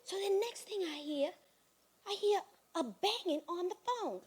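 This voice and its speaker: Animated woman in a one-woman stage show. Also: very high-pitched, a little slow, very noisy. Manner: animated, sassy storytelling with mimicry. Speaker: comedic solo performer. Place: theater stage.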